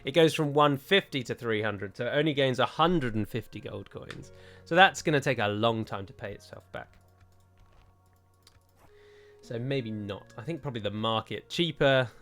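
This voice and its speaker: Jokey gaming commentator. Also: male voice, medium pitch, moderate pace, fairly bright tone, soft background music. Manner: chatty, self-mocking and jokey. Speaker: gaming YouTuber. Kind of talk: let's-play commentary.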